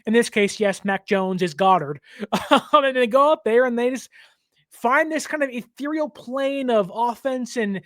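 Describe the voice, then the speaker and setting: A man hosting a team show, giving a casual, jokey, animated breakdown of a football game. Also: very high voice, moderate pace, dry recording, clean studio sound. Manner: animated, jokey, lots of fillers. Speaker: team podcast host.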